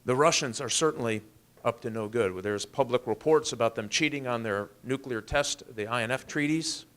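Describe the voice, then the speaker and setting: A man's voice: mid-range voice, normal speed, fairly bright tone. A man, a congressman, giving a political speech with earnest storytelling and emphatic rises.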